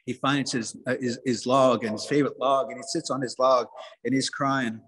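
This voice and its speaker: Husky man telling a folktale. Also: mid-range voice, fairly even intonation, moderate pace, a bit bright, big-room sound. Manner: repetitive, rhythmic phrasing. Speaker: storyteller, museum director.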